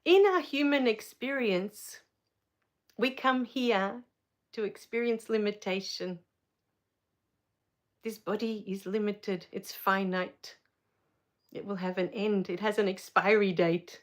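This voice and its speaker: A woman hosting a spiritual live Q&A, reading viewer comments, soft-spoken and tender, quick to laugh and tear up. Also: mid-range voice. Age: adult with a child. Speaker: spiritual live-stream host.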